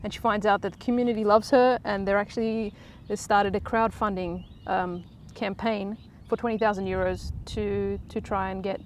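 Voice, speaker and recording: A woman's voice: mid-range voice, steady tone, moderate pace, hardly any pauses, slight background noise. A woman casually recapping a soap episode in a chatty, sarcastic way, mocking the characters.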